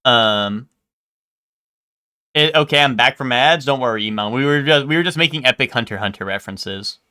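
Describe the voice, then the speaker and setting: A man's voice: medium pitch, normal speed, pushed and bright, clean tone. A young man streaming a game live, talking in a rambling, casual way with lots of swearing and "like". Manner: rambling, swears a lot, full of "like".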